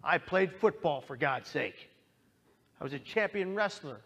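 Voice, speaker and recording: A young man speaks with earnest feeling about his own experience. His voice sits a little high and swings widely, dropping to hushed moments and rising to impassioned appeals. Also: lively intonation, a little slow, creaky. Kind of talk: personal testimony talk.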